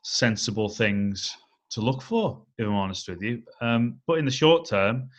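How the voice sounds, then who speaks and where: A man co-hosting a casual football chat, weighing his points in a steady, analytical way with frequent "I think" and "um". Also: medium pitch. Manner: measured, analytical, leans on "I think" and "um". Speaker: podcast co-host.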